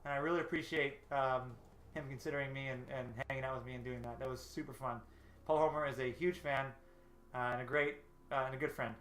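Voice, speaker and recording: A man's voice: medium pitch, steady tone, fast, fairly bright tone, a little hiss or hum. Chatty man in an echoey room. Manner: rambling, chatty, laughs often. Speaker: artist hosting a storyboarding stream. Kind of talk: casual live-stream chat while working. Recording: echoey room with faint music.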